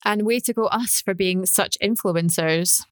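A woman co-hosting a podcast in casual chat, candid and quick to laugh. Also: mid-range voice, no room sound. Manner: candid, chatty, laughs often. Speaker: podcast co-host.

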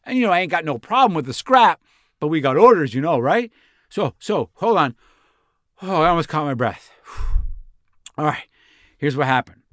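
A man's voice: on the high side, big pitch swings, normal speed, pauses often, a bit bright, no room sound, clean studio sound. A man voicing a breathless, rambling young Roman envoy who talks like a slang-heavy, swearing bro. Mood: breathless, excited. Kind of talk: comic reenactment in a podcast.

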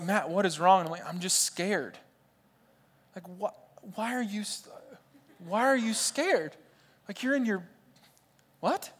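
High-voiced man preaching a lively sermon. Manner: animated, jokey asides to a large crowd. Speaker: pastor. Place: large church auditorium.

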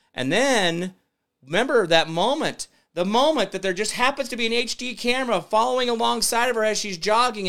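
A man's voice: sits high, lively intonation, a little fast, fairly bright tone. A man hosting a casual political commentary livestream, rambling and sarcastic as he reads viewer comments aloud. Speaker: talk show host.

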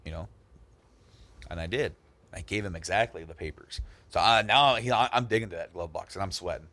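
A man's voice: deep voice, fairly quick, no room sound. A man telling a story in casual chat with friends, acting out the other people in it and often repeating himself. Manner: animated, acts out the other people in his story; repeats words and restarts a lot.

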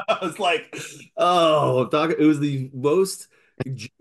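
Excitable man telling a story. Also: on the high side, takes it slowly. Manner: animated storyteller, stumbling restarts. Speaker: podcast co-host. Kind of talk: casual chat.

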